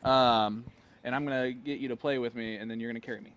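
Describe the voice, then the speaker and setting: A man's voice: medium pitch, steady tone, fast, a bit bright, a little hiss or hum. A man doing casual live darts commentary, joking and chatting with a young player. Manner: playful, teasing banter with a young guest.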